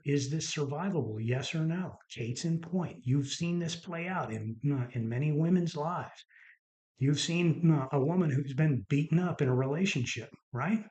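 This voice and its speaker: A man's voice: on the high side, darkish tone. A middle-aged man, a doctor hosting his own podcast, tells stories in an earnest, casual monologue and repeats words for emphasis.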